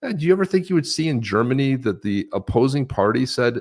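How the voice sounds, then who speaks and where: A man's voice: medium pitch, big pitch swings, quick pace, few pauses. A man co-hosting a live stream podcast, ranting about politics with many fillers and restarts. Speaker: podcast co-host.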